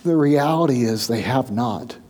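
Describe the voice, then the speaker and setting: A man preaching a sermon, reading scripture aloud and swinging between raised, urgent passages and low, quiet ones. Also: normal speed. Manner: reads scripture aloud, rising in intensity then dropping low. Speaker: pastor.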